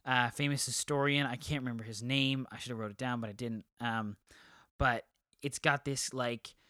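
A man's voice: medium pitch, fairly even intonation, normal speed, bright, forceful tone, no echo, studio quality. A man co-hosting a movie podcast, chatting casually with many ums and restarts. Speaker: podcast co-host. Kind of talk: casual chat.

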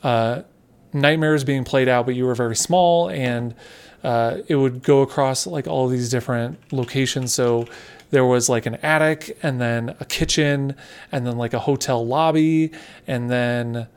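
Male podcast co-host with a strong vocal fry, relaxed and conversational, mid-pitched. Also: a little slow. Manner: relaxed, conversational, loosely descriptive. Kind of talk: casual podcast chat.

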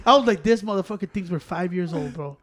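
Rapid, high-voiced man telling stories. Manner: swears constantly, mixing Spanish and English; animated storytelling with quoted voices. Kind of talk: casual chat.

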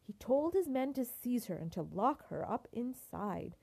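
An older woman, a grandmother, reading a picture book aloud in an expressive, unhurried way. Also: fairly high pitch, gravelly, slightly rough.

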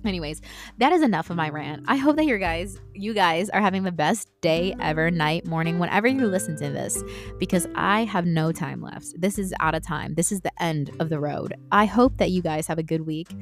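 A woman's voice: lowish voice, a little fast, soft background music. Candid, foul-mouthed young woman ranting. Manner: candid and heavily profane, ranting; animated, shifts into mocking outbursts. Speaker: podcast host. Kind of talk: solo podcast rant.

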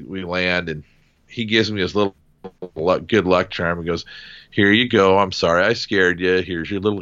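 A very low-voiced man with a bright, forceful edge tells a war story in relaxed, salty conversation. The sound is a little dull and lo-fi. He punches up the quoted shouts from his story. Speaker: military aviation veteran, former door gunner.

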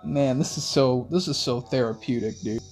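A young man hosting a rambling late-night monologue in laid-back slang, with soft music playing behind him. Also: medium pitch, moderate pace. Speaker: host. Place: in a car.

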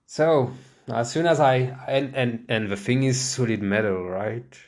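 A young man hosts a casual solo podcast from a chair at home, rambling and poking fun at himself with many restarts and laughs. He speaks at a measured pace in a mid-range, slightly mellow voice into a desk microphone.

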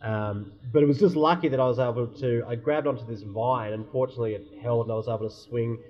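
A relaxed man chats as host and tells his own story in an easygoing way. His voice sits at mid pitch. The recording is a bit dull and muffled. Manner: laid-back, quick reactions. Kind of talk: casual chat. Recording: dull lo-fi audio.

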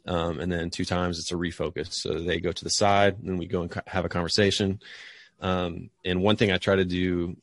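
A young man, a PE teacher and parent, answering interview questions in a relaxed, chatty way. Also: low-pitched, fairly quick, no echo. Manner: relaxed, chatty, says dude and like a lot.

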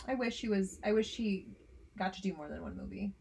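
A woman's voice: mid-range voice, fairly quick, vocal fry, a little mellow, a little hiss or hum. A young American woman co-hosting a podcast in casual, jokey conversation. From United States. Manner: chatty, giggly, jokey. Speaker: podcast co-host. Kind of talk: casual chat.

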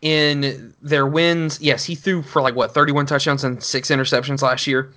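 A man co-hosting a casual sports podcast, talking in a rambling way with lots of restarts and building into animated rants. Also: medium pitch, moderate pace. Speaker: podcast co-host.

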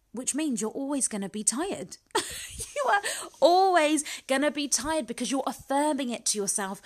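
A woman hosting a casual motivational podcast from her living room, chatty and upbeat, often laughing and asking "guess what". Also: a little high. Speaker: podcast host, business coach.

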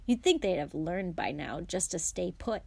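A woman's voice: lowish voice, animated, moderate pace, gravelly, a little mellow, breathy edge, full character voice. Woman doing cheerful teenage boy, breezy, explaining, storybook reading.

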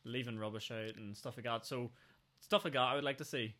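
A man hosts a casual interview at a quick clip. His voice is bright and forward, and he rambles in a friendly way, sprinkling "like" and "you know" throughout. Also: mid-range voice, steady tone. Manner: chatty, fillers like "like" and "you know". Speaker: host.

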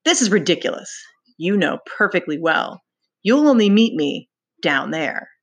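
A sinister male pig's-head beast, as a woman reading aloud puts him on, taunting and menacing with slow, deliberate words. The voice is pitched a little low and drawn out. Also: big pitch swings, breathy edge, full character voice. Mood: taunting menace. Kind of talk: dramatic read-aloud.

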